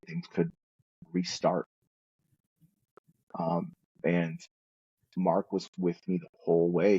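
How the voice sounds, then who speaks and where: A man's voice: low-pitched, warm tone, breathy edge, muffled recording. A man telling his story as a guest in a recovery talk, earnest and rambling, often restarting his sentences. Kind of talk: candid personal storytelling.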